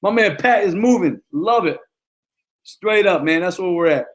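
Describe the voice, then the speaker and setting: A man's voice: high-pitched, lively intonation, moderate pace. A middle-aged man, a football coach, giving a motivational talk in an emphatic, repetitive, slangy way.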